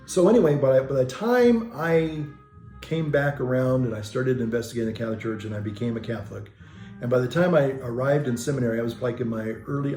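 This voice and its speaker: A man's voice: mid-range voice, brisk, mellow. Man, priest, casual rambling storytelling, restarts, roomy sound, faint music. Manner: rambling, with restarts and self-corrections. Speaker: Catholic priest.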